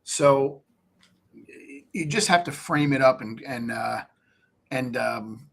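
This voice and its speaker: A man's voice: mid-range voice, takes it slowly, creaky. A man being interviewed on a live stream, coaching investors in a blunt, plain-spoken way and acting out talks with sellers. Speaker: real estate investor guest.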